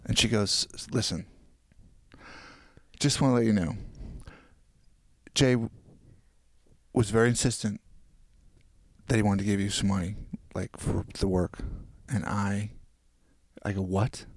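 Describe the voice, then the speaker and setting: A man in a casual chat, reminiscing in a low-key, teasing way and trailing off with fillers. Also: fairly even intonation, a little slow, pauses often, no echo. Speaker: podcast co-host.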